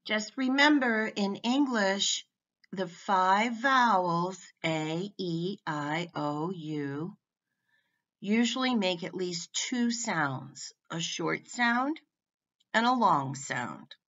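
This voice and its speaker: A woman teaching a phonics lesson, sounding out words one at a time with clear emphasis. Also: mid-range voice, expressive, drawn-out words, fairly bright tone. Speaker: reading teacher. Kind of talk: slow, deliberate phonics lesson. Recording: muffled lo-fi recording.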